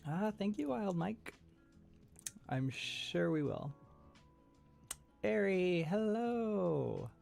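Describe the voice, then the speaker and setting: A man's voice: sits high, sing-song, very slow, gravelly, long pauses, darkish tone, soft background music. A man chatting casually on his livestream, rambling and laughing often, with lots of fillers and restarts, close to the mic. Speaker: streamer. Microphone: close mic setup.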